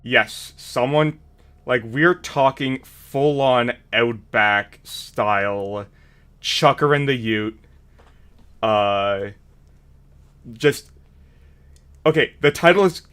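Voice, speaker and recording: Slow-talking male streamer. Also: medium pitch, a bit bright, smooth. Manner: chatty, laughs easily. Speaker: streamer host. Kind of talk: casual stream chat.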